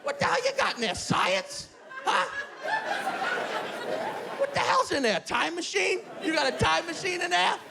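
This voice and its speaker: Man doing a shouting old New Yorker. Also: extremely high pitch, very animated, measured pace, creaky, heavy background noise, exaggerated voice. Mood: outraged. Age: older. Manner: shouting, outraged ranting. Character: old-timey retired male New Yorker, loud and indignant. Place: apartment with live audience. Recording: live apartment crowd. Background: small audience laughing.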